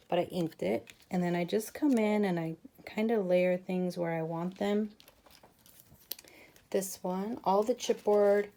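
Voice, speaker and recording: Chatty woman crafter talking viewers through a project; lowish, warm, slightly gravelly delivery. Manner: chatty, talks to viewers while working. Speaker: crafting channel host. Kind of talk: casual craft tutorial narration.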